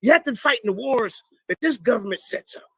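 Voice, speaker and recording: A man taunts his opponents in live commentary on debate clips, boastful and repetitive, calling out to his viewers. His voice sits high and lively, swooping up and down with a gravelly edge. He sounds cocky and relentless. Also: brisk. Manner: boastful, mocking, repetitive, addresses chat as "y'all". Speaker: streamer reacting to debate clips. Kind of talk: trash-talking live commentary.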